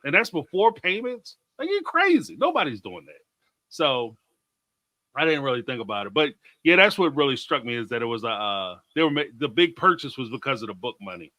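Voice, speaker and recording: A man co-hosting a casual chat show, talking in an animated way, laughing often and reading out viewer comments. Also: mid-range voice, brisk, no echo. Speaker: co-host.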